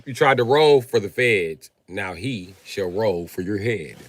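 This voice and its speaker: A man putting on the voice of a low, scheming male riddle villain, delivering riddles slowly and with menace. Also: animated. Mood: menacing.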